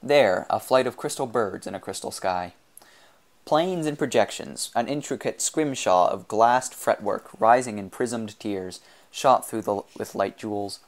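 A man narrating an audiobook in a measured, expressive reading. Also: mid-range voice. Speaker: audiobook reader.

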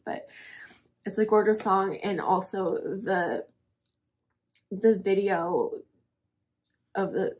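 A woman's voice: lowish voice, darkish tone, husky. A young woman hosting a casual reaction video, talking in an emotional, rambling way with lots of "um" and "literally".

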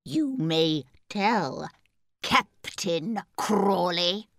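A man voicing a wealthy, sharp-tongued old lady in a storybook reading, speaking slowly and scornfully. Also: sits high, expressive, dry recording, studio quality, pitched above the performer's own voice, heavily acted. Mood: haughty. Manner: slow, scornful, mocking.

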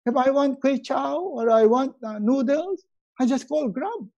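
Middle-aged man, motivational speaker, animated, jumps high for quotes, mellow tone. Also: measured pace, muffled recording. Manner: animated, acts out quotes in a raised voice. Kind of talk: motivational webinar talk.

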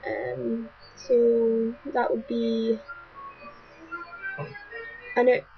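A young woman with a Scottish accent, rambling through chatty webcam shout-outs to followers at home, talking fast. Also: fairly high pitch, monotone, creaky, soft background music. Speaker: vlogger. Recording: dull lo-fi webcam audio.

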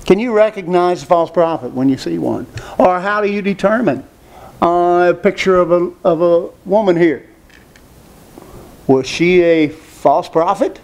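A man's voice: sits high, a little slow, a little mellow. A man preaching a sermon, who speaks emphatically, asks rhetorical questions and repeats phrases.

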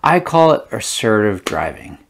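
A man's voice: on the low side, sing-song, moderate pace. A man from Rhode Island telling a playful story in a vlog. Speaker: vlogger.

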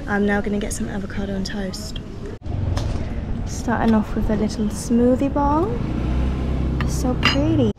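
A woman's voice: mid-range voice, heavy background noise. Chatty young woman vlogging outdoors. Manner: chatty and gushing. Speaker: travel vlogger. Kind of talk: casual travel vlog narration.

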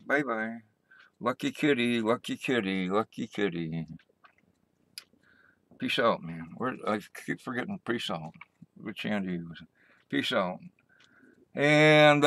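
A man chatting slowly and loosely through a casual vlog, cracking silly jokes and laughing at his own lines. His voice is bright and forward, and the sound is dry and close. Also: mid-range voice, dry recording, poor audio. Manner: goofy, jokey, laughs at himself. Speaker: vlogger.

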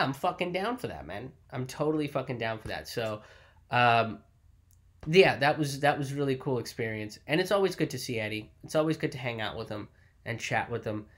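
A man's voice: mid-range voice, fairly bright tone. A man who tours as a comedian talks casually to camera about his shows, rambling with lots of fillers and some swearing. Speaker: touring comedian. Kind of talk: casual reflective vlog talk.

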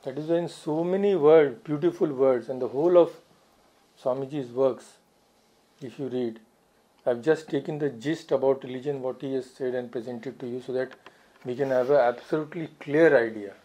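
A man's voice: mid-range voice, moderate pace, warm tone. A man giving a spiritual talk as a swami, earnest, repeating phrases for emphasis. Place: society hall.

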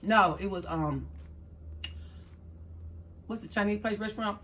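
A middle-aged woman from New Orleans with a Southern accent, chatting fast and stumbling over her words as she tells a story while eating on camera at home. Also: mid-range voice, a bit bright, a little hiss or hum. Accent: Southern US, New Orleans tinge. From New Orleans, Louisiana. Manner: talks fast, stumbles over words, calls listeners "child". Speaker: mukbang vlogger host. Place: indoors at home, green screen.

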